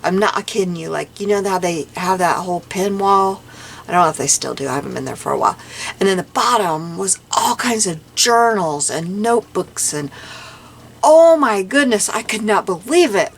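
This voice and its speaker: A chatty woman vlogging as she crafts, her lowish voice rising and falling in lively swoops. She sounds giddy and laughs easily, with plenty of filler words. A faint background hiss sits under her voice. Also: normal speed. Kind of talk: casual chat while crafting.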